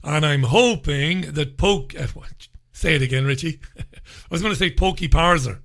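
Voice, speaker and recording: A man's voice: a little high, normal speed, creaky, a bit bright. A man hosting a radio talk show, chatting casually and rambling with plenty of filler words into a studio microphone.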